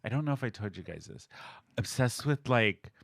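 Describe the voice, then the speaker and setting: A man's voice: mid-range voice, lively intonation, moderate pace, gravelly, dry recording, studio quality. A man co-hosting a podcast in casual chat, playful and teasing, often laughing. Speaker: podcast co-host.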